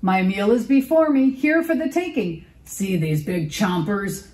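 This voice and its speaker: A huge grumpy troll woman with a scratchy, gruff voice that swings widely in pitch, as a woman reading a picture book aloud puts her on. She speaks in slow, drawn-out threats, in storybook style. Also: sing-song. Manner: gruff, threatening, softening later.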